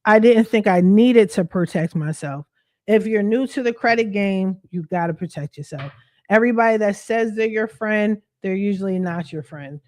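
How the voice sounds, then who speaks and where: A credit repair coach vents on a livestream, speaking straight to her viewers in a blunt, profane, fired-up rant full of streetwise slang. Her medium-pitched voice has a darkish tone and moves at a moderate pace.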